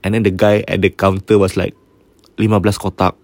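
A man with a Singaporean English accent casually retelling a ghost story, mixing in Malay and often restarting his sentences, going quiet at the eerie parts. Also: low-pitched, flat delivery, fairly quick, no echo. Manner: drops to a hush for eerie parts.

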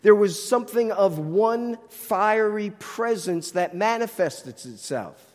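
High-voiced preacher with a Jersey accent. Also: male voice, lively intonation, slow, long reverb tail. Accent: New Jersey. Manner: explanatory, with rhetorical questions. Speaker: Bible teacher. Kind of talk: sermon.

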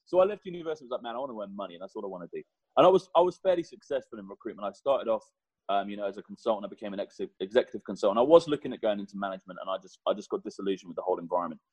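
Fast-talking husky man. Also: fairly low pitch, dry recording, lo-fi sound. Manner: animated, chatty, swears mildly. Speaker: guest, personal trainer. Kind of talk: podcast conversation.

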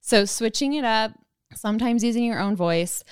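A woman's voice: on the high side, lively intonation, normal speed, clear, resonant tone, no echo, studio quality. A woman wellness coach, a guest on a podcast, explaining tips in a friendly, easygoing way. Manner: friendly, explanatory, laughs easily. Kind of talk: casual wellness podcast chat.

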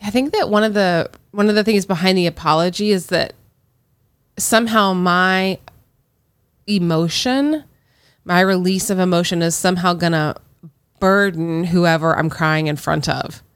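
Woman, lower pitch, affirming conversational co-host, dry close recording. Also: moderate pace, clear, resonant tone, no echo. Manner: supportive, frequent affirming "yeah" and "right". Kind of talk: casual conversational chat.

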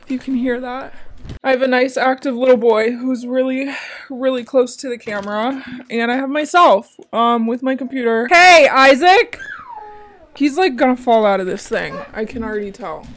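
A woman's voice: fairly high pitch, normal speed. A young woman hosting a podcast from her bedroom, talking in a frank, chatty way, swearing casually and laughing often, and sounding tired. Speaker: podcast host. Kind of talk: casual chat. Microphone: handheld mic.

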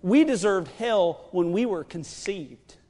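A man preaching a sermon as pastor, swinging from quiet stretches to shouted, drawn-out emphasis. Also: sits high, lively intonation. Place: church sanctuary. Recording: long hall reverb.

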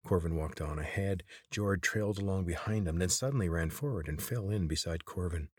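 A man reading a chapter book aloud in steady, measured storybook narration. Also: low-pitched, slightly rough, no room sound, clean studio sound. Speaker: audiobook reader.

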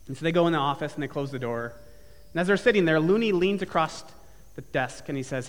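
A pastor with a slightly high voice preaches briskly in a church sanctuary with big-room sound, addressing a live and online congregation. He tells a story earnestly, building toward emphatic repeated phrases.

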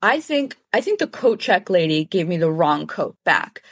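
Woman podcast co-host, lowish voice, rambling storyteller, deadpan self-mockery, dry close sound. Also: normal speed, slightly rough, no room sound. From Chicago. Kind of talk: casual chat.

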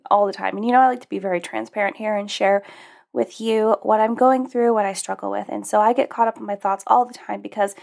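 A woman's voice: medium pitch, fairly even intonation, fast talker, gravelly, a little mellow. A young adult woman hosting her own podcast, talking in a chatty, upbeat and self-reflective way. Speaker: podcast host. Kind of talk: casual solo podcast talk.

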